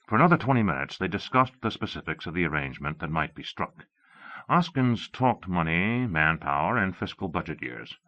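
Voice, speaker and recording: A man narrating an audiobook in a measured, expressive reading. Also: sits low. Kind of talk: scripted narration. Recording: dull lo-fi cassette audio.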